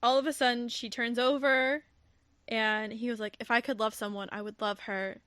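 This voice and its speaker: A podcast host whose voice is on the high side talks at a moderate pace, with no room sound in the recording. Her casual book recap is animated; she performs the novel's characters' lines, laughing and cursing throughout.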